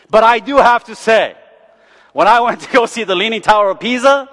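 A man preaching a sermon as pastor, animated and joking, often checking in with the congregation by asking "okay?" and "right?". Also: a little high, a little fast. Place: church sanctuary. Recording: long church hall reverb.

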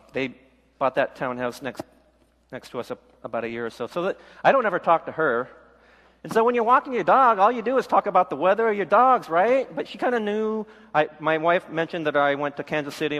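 A man's voice: on the high side, big-room sound. A middle-aged male pastor giving a sermon with a candid personal testimony, acting out the voices of people he quotes. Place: church.

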